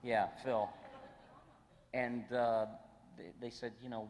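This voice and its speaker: A man's voice: mid-range voice, moderate pace. A man in his sixties, a guest voice actor on a convention panel, telling stories animatedly and acting out the quotes. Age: 60s. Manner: animated, acts out quotes, restarts phrases. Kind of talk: storytelling in a panel Q&A. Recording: echoey hall with faint noise.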